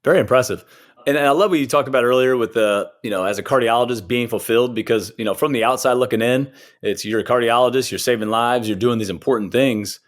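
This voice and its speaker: A man's voice: mid-range voice, fast talker. A man hosting a podcast interview, summing up his guest's points in an encouraging way. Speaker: podcast host. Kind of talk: casual interview.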